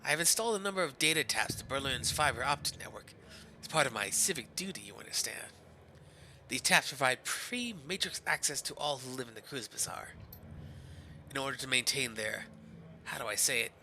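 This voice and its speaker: A man voicing a sly, polite Turkish shopkeeper who talks in a formal, smooth, mock-courteous way. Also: mid-range voice, pushed and bright, slight background noise, poor audio.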